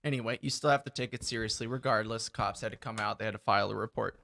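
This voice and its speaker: A man's voice: lowish voice, fast talker, creaky, bright, forceful tone. A man co-hosting a podcast, chatting casually with crude, joking banter. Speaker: podcast co-host.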